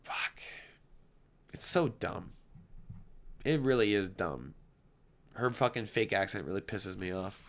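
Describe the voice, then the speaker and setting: A man's voice: deep voice, lively intonation, measured pace, long pauses, fairly bright tone, slight background noise. A man hosting a casual fight predictions vlog, talking late at night in a blunt, rambling, profane way. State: late at night, blowing his nose. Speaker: MMA fight predictions host.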